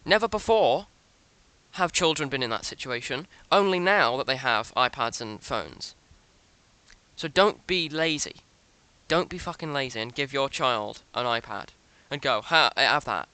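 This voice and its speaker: A man's voice: medium pitch, lively intonation, measured pace, sharp tone, clean tone, dry recording. A young man ranting with profanity and sarcasm as host of a reaction video. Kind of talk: ranting commentary.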